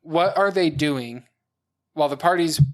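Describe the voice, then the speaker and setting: A man's voice: fairly high pitch, a little slow. Podcast co-host, male, methodical explainer, plain conversational delivery. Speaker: podcast co-host, dungeon master. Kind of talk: casual chat.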